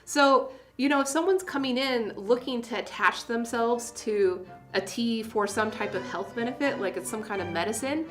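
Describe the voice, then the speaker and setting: A woman's voice: fairly high pitch, normal speed, hardly any pauses. A woman hosting a casual tea livestream, chatty and self-deprecating, laughing at her own jokes. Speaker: tea seller hosting a live stream. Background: soft classical music.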